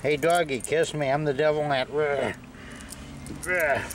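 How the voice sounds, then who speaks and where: A man's voice: fairly high pitch, fairly even intonation, measured pace, natural voice. A man putting on a playful growling devil ant monster for a dog. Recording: distant outdoor recording with loud background noise.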